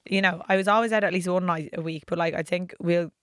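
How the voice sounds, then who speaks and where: A woman's voice: on the low side, steady tone, fast talker, a bit bright, no room sound, studio quality. A young Irish woman co-hosting a podcast, frank and self-mocking in a casual chat. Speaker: podcast co-host.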